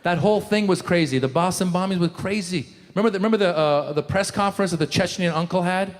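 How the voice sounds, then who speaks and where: Animated stand-up comic man. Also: high voice, fast. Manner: animated, jumps into shouted impressions. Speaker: stand-up comedian. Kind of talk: stand-up comedy set. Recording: live show in a large hall.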